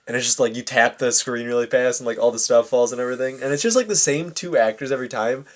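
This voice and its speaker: A man's voice: mid-range voice, fast talker. A young man co-hosting a podcast, rambling and swearing freely in casual chat, laughing often. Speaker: podcast co-host.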